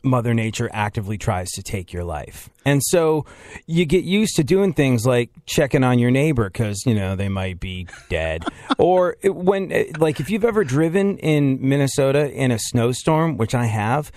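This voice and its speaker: A man's voice: medium pitch, very animated, moderate pace, darkish tone, no echo, studio quality. Rambling man telling stories. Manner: rambling, storytelling, laughs often. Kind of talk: casual chat.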